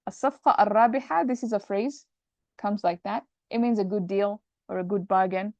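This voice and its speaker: A woman's voice: medium pitch, fast talker, darkish tone, no echo. Female teacher, patient stepwise explainer of grammar, dull dry recording. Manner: explains step by step, mixing English with Arabic terms, self-correcting. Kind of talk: classroom lesson explaining Arabic grammar.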